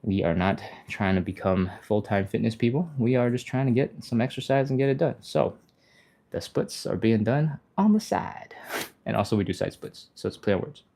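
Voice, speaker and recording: Guy running a live stretch stream, mellow relaxed voice, chatty and laughy, explains everything as he goes. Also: normal speed, gravelly. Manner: casual, chatty, explains step by step, laughs often; acts out panicky inner voices in a high yelp. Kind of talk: live-streamed workout instruction, reading chat.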